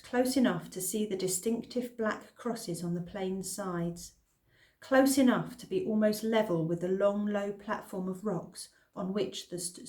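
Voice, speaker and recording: A woman reading a children's novel aloud in the first person, with expressive storytelling. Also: mid-range voice. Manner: expressive storytelling, lively emphasis. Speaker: reader. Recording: roomy echo.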